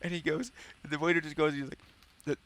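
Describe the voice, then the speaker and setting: A man's voice: on the high side, flat delivery, quick pace, fairly bright tone. A man chatting casually with his viewers while he streams a game, telling rambling stories that amuse him. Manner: rambling, self-amused storytelling.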